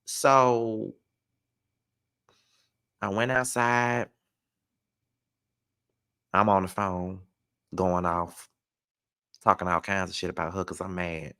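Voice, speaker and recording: A man's voice: sits low, steady tone, slow pace, pauses often, fairly bright tone, clear, resonant tone. A man telling a personal story to camera in a casual storytime vlog, emphatic and profane. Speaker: vlogger.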